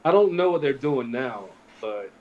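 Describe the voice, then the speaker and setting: A man's voice: medium pitch, lively intonation, normal speed, narrow, tinny audio. A man in his forties, co-hosting a casual podcast and telling rambling, profane anecdotes while acting out what other people said. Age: 40s. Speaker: podcast co-host. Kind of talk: casual storytelling.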